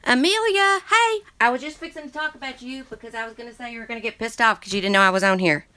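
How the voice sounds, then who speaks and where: A woman with a bright, forceful voice hosts a relaxed craft livestream. She rambles cheerfully, loses her train of thought, and greets viewers by name as she reads their chats. Her voice sounds close and dry, with little room sound. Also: on the high side, very fast, no echo. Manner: chatty and scattered, reading viewer chats aloud. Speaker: crafting channel host. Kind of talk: casual livestream chat. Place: craft room full of books.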